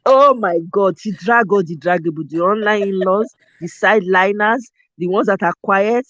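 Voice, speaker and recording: A Nigerian-accented woman hosting a casual chat, animated and expressive, slipping into pidgin phrases. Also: mid-range voice, moderate pace, no echo. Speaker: show host. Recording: dull lo-fi dry sound.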